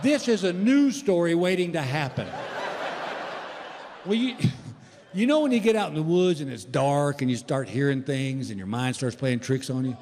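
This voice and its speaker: A man's voice: a little high, expressive, normal speed, big-room sound. Man, stand-up comedian, folksy chuckling storytelling, live theater, faint audience noise. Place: large theater stage.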